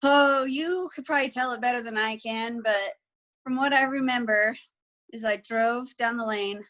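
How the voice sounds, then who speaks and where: A woman's voice: on the high side, moderate pace, a bit bright. A woman around thirty, a guest on a casual interview over a video call from home, recalling things in an easygoing, modest way. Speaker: interview guest, former college athlete.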